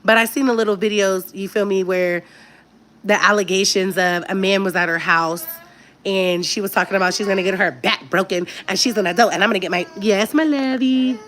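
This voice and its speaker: A woman hosts a casual livestream chat, talking candidly and directly to her viewers. Her medium-pitched voice is steady and fairly bright, and she speaks a little fast.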